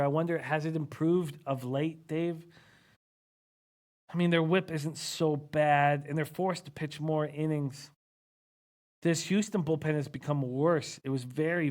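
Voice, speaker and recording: A man's voice: a little high, steady tone, unhurried, a little mellow. A man hosting a live betting-picks stream, thinking aloud casually and reading out viewer comments with frequent hmms. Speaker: sports betting analyst host.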